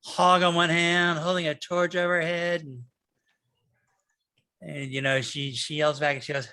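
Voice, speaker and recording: A man's voice: fairly high pitch, flat delivery, normal speed, pauses often, pushed and bright, clear, resonant tone. A man narrating as game master, rambling and loose with many fillers.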